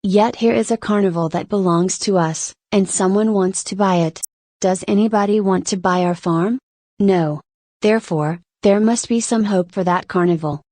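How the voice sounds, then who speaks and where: A woman's voice: mid-range voice, moderate pace, mellow, no echo, lightly acted. A woman reading aloud as a resolute middle-aged mother who once sang and danced on stage, with a firm, determined manner. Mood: passionate.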